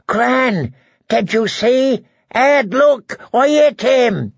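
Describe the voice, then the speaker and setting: A man reading an audiobook, voicing a timid, chubby young recruit with a high, eager voice. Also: big pitch swings, slow pace, no room sound, lo-fi sound, heavily acted. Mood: excited, nervous.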